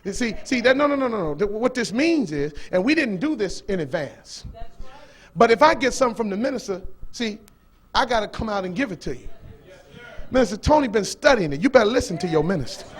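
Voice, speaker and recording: A man preaching a fiery sermon, throwing questions to his listeners and rising into shouted bursts. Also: sits high, big pitch swings, a little fast, husky. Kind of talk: fiery sermon with call-and-response.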